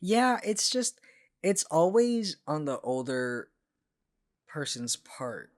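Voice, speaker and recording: A man co-hosting a casual podcast chat, talking in an animated, expressive way with playful exclamations. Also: fairly high pitch, slow pace. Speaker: podcast co-host.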